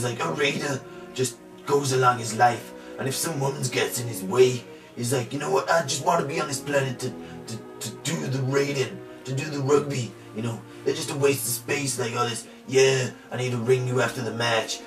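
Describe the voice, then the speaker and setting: In an amateur trailer, a man with a mid-range voice plays a boastful, macho rugby player, delivering an improvised comedy monologue at a moderate pace with light acting. He blusters and rambles, peppering his lines with "like" and "you know." The amateur video was recorded from a distance in a roomy space, with music playing.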